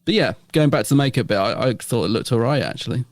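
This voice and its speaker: A man's voice: medium pitch, animated, quick pace, no echo, studio quality. A man co-hosting a podcast, chatting in a rambling way and chuckling often. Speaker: podcast co-host. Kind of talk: casual review chat.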